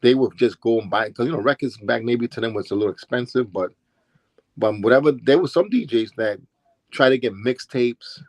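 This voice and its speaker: In a dry recording, an older Brooklyn, New York, man speaks at normal speed in a mid-range voice. He's an interview guest and former DJ and dancer doing casual storytelling, shifting his voice to act out whoever he quotes.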